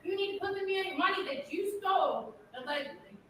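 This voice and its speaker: A woman's voice: very high-pitched, lively intonation, fairly quick, a bit bright. A woman making an angry, confrontational public comment at a township board meeting, scolding and mocking an official. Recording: echoey hall from far off.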